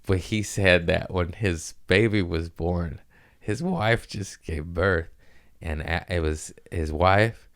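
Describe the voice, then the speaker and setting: A young man hosts a podcast, delivering a casual storytelling monologue that rambles, swears freely, and has him laughing at his own jokes. His voice is low, slow, and a bit bright.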